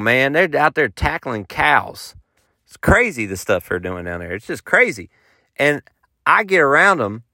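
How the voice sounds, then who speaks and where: A man's voice: medium pitch, pushed and bright, no room sound, clean studio sound. Folksy rambling man telling a story. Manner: folksy, rambling, self-mocking. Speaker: podcast host and touring musician. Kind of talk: casual storytelling monologue.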